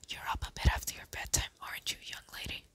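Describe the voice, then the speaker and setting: A reader voicing a gruff, patronizing male policeman in a whispered role-play. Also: quick pace, close to an everyday voice. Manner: condescending, soothing.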